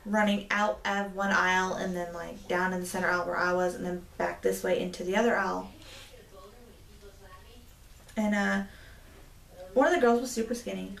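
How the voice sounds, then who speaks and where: A woman's voice: mid-range voice, vocal fry, echoey room, distant mic. A woman in her twenties telling a story to camera, indignant and rambling, with many fillers. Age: 20s. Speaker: vlogger. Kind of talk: storytime vlog.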